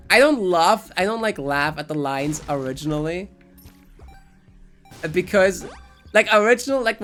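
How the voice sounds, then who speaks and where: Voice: mid-range voice, fairly bright tone. A Twitch streamer giving casual live gameplay commentary, rambling and joking with plenty of swearing.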